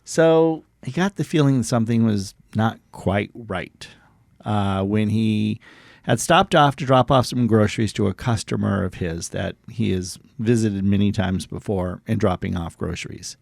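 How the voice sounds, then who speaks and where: A man's voice: fairly low pitch, a little slow, vocal fry, a little mellow, no room sound, clean studio sound. A man co-hosting a podcast, casually retelling true stories, joking and laughing, sometimes stumbling over words. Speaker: podcast co-host.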